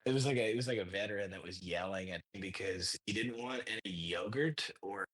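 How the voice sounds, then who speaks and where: A man, a stand-up comedian guest, telling an animated story with laughs and acted-out quotes. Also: on the low side, brisk, breathy edge. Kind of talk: casual storytelling.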